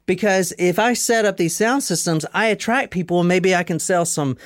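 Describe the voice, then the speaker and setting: A podcast host tells a history story in a relaxed, emphatic way, with a mid-pitched voice. The sound is dry and close, with no room around it. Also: normal speed, no room sound. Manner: storytelling, emphatic, casual with profanity. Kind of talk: casual explainer talk.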